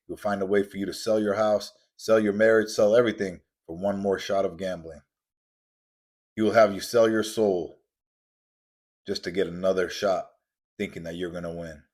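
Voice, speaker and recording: A man hosting a podcast, delivering an intense, preachy motivational monologue with lots of repetition. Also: deep voice. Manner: intense, preachy, repetitive, acts out quoted voices. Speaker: podcast host.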